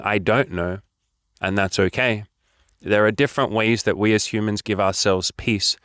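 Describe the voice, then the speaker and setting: A man's voice: lowish voice, a bit bright, no room sound, clean studio sound. A man talking as a life coach, blunt, profane and preachy as he lectures his viewers. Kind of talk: direct-to-camera coaching talk.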